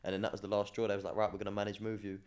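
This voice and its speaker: Young adult male, slightly low pitch, animated slangy storyteller, casual podcast chat. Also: racing. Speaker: podcast guest, former academy footballer.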